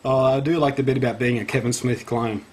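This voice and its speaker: A man's voice: mid-range voice, steady tone, fast talker, a little hiss or hum. An Australian man vlogging, reading a news article aloud and breaking off for sarcastic, wry commentary with frequent laughs.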